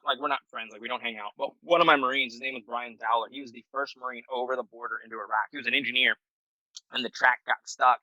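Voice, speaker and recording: A middle-aged Marine veteran telling a story as a podcast guest in a loose, profane, rambling way with many fillers. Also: male voice, medium pitch, sharp tone, dry recording, low-quality recording. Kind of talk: casual storytelling.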